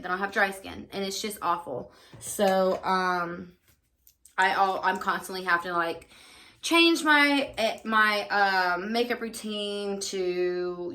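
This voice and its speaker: This beauty vlogger has a lowish voice with a sharp edge to it. She talks through her makeup in a relaxed, candid get-ready-with-me chat, full of filler words.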